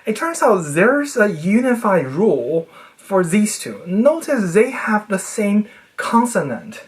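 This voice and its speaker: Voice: medium pitch, big pitch swings, slow pace. Playful nerdy language explainer. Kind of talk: casual educational monologue.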